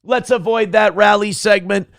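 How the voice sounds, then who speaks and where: A man's voice: sits high, steady tone, normal speed, fairly bright tone, a little hiss or hum. A man hosting a live stream, ranting profanely and sarcastically while reading the chat. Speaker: live show host.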